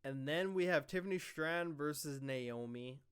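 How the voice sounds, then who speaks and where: A young man casually recapping a wrestling show, excitable and full of fillers and swearing. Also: a little high, a little slow, clean tone. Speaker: wrestling review host.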